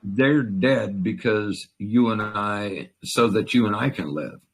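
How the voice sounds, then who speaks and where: A man's voice: lowish voice, takes it slowly, a little hiss or hum. A man who is a veteran, talking in a rambling, profane and emotional way in a casual chat. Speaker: veteran in a conversation.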